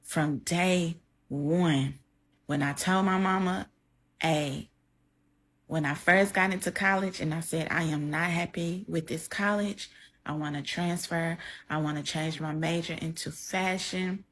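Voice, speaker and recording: A woman's voice: low-pitched, fairly even intonation, unhurried. A young woman talking heartfelt to her camera in a vlog, close to tears. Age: young adult. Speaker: content creator. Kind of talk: emotional reaction vlog. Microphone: camera mic, facing camera.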